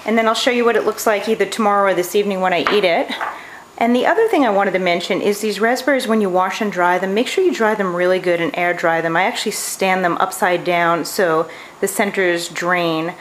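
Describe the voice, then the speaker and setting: A woman's voice: mid-range voice, a little fast, a little hiss or hum, poor audio. Chatty middle-aged woman giving a kitchen demo. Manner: chatty and homey, with fillers like "you know". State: talking with mouth full at times. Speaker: home cook demonstrating a recipe. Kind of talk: casual cooking demonstration.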